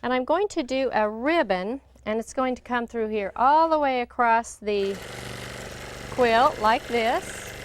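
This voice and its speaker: A woman's voice: on the high side, measured pace. Chatty woman demonstrating at her machine. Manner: chatty, narrating each step as she stitches. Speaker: longarm quilting instructor. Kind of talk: hands-on demonstration. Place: quilting studio beside a running longarm machine. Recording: steady machine noise behind the voice. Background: longarm sewing machine hum.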